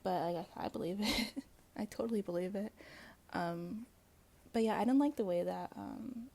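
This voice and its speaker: Woman host, gravelly mellow voice, blunt gossipy solo commentary. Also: medium pitch, moderate pace. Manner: blunt, gossipy, swears freely; chatty with frequent fillers and asides. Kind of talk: casual solo commentary to viewers.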